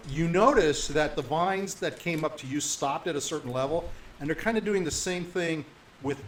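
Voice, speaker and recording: A man running a tabletop game as game master, describing the scene in a halting, self-correcting way. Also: fairly high pitch, a little hiss or hum.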